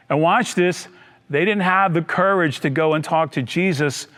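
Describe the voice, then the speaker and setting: A man preaching a sermon as pastor, swinging between emphatic high bursts and low dropped lines, acting out the voices of people in his story and repeating key lines. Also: moderate pace, a bit bright.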